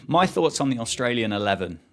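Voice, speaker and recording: A man's voice: mid-range voice, big pitch swings, a little fast, fairly bright tone. A man, hosting a live cricket watchalong stream, chatting casually, reading out viewers' messages and reacting to the play. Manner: chatty, reads chat aloud and reacts to play. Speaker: livestream host.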